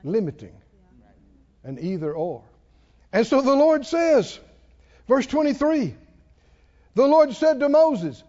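A man preaching a sermon, emphatic and animated, who laughs at his own asides. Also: extremely high pitch, slow, pauses often. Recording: long hall reverb, dull sound.

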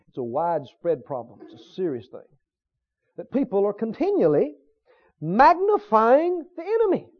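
A man's voice: high voice, lo-fi sound. A man preaching a sermon emphatically, repeating his points and asking the congregation questions. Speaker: pastor.

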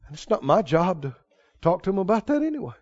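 A male preacher with a very high, lively voice that swings all over the place. He tells his stories in a folksy way and then presses his point hard. The recording is dull and lo-fi. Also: fast talker. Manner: folksy storytelling, rising to emphatic exhortation. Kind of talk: sermon.

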